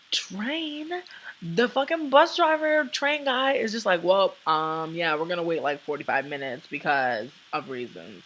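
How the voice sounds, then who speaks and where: A young woman with a bright, forward voice tells a rambling true story to camera. Her talk is casual and heavy with swearing, and she acts out the people in it. A faint hiss sits under the recording. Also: lowish voice, low-quality recording. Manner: profane, animated, acts out what people said. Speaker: vlogger.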